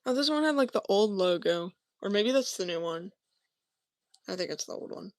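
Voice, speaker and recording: A woman's voice: mid-range voice, animated, normal speed, dry recording. A young woman chatting casually to viewers while crafting, often trailing off into a mumble. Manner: chatty, self-talking, often drops to a mumble. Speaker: crafting vlogger.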